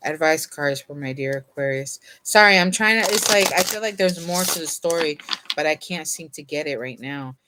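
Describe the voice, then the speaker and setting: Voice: mid-range voice, normal speed, background noise. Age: unknown. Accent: none. Role: tarot reader. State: sleepy, yawning. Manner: rambling, casual, reads from a guidebook at times. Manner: rambling, self-interrupting, with laughs and fillers; reads card meanings from a guidebook aloud. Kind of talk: casual tarot reading to camera.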